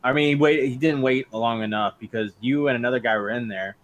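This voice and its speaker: A man talking calmly as a guest on a live stream. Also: medium pitch, brisk, muffled recording, slight background noise. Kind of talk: casual chat.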